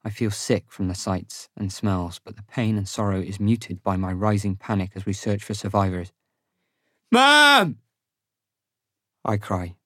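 A man narrating a fantasy audiobook in the first person, with a measured, sombre reading on a close studio mic. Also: on the low side, a little mellow, no room sound.

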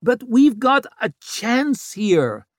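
A woman's voice: a little high, sing-song, takes it slowly, dry recording, studio quality, pitched above the performer's own voice. A man voicing a hard-bitten, weary female police chief inspector who talks bluntly and swears. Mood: pleading. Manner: blunt and profane.

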